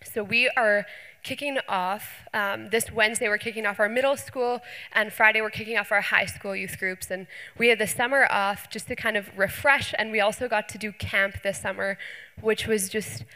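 A woman's voice: mid-range voice, fairly even intonation, normal speed, sharp tone. A young woman youth pastor sharing testimonies with her church, earnest and enthusiastic, with plenty of fillers. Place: church hall. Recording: church hall reverb.

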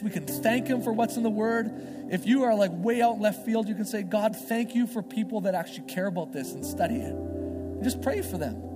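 A male pastor giving a sermon in a church, talking in a conversational, earnest way, as if thinking out loud. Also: a little high. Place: church sanctuary. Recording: long hall reverb, faint music behind.

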